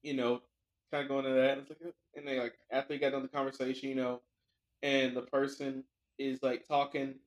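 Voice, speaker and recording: A man's voice: mid-range voice, flat delivery, a little fast, highs cut off. A young man co-hosting a podcast, telling a rambling story in casual chat with lots of filler words. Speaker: podcast co-host.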